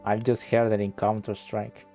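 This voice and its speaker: A man streaming a game, chatting with viewers in a slow, relaxed, rambling way. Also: fairly low pitch, vocal fry, faint music behind. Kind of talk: casual gameplay commentary.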